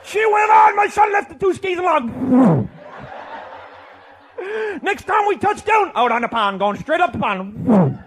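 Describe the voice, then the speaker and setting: A very high-pitched man with a thick Newfoundland accent spins a comic tall tale. He is boisterous, often shouting and laughing mid-sentence. A faint hiss of background noise sits under his voice. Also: very animated, a little slow. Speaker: comic storyteller.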